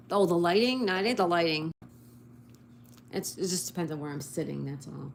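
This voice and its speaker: A woman's voice: lowish voice, normal speed, darkish tone, slight background noise. A woman hosting a casual livestream, chatting with viewers and spelling answers letter by letter, recorded on a phone at home. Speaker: livestream host.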